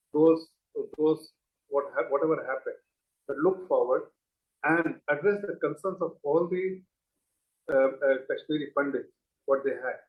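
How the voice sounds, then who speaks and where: A man speaking as a political spokesman on a TV panel, measured and earnest. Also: a little high. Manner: measured, earnest, halting with fillers. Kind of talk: TV panel debate. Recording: echoey dull remote audio link.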